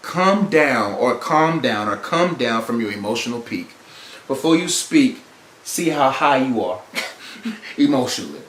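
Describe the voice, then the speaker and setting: A man's voice: medium pitch, sing-song, unhurried, a bit bright, reverberant, a little hiss or hum. A man hosting a podcast, giving emphatic, repetitive relationship advice in a preacher-like way. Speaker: podcast host. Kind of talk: preachy motivational relationship talk.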